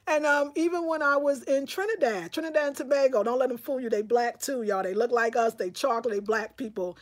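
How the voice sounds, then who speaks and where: A woman hosting a livestream in casual chat, reading viewer comments aloud and answering them in a talkative, animated way, with bursts of excited exclamation. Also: sits high, fast, hardly any pauses. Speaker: livestream host.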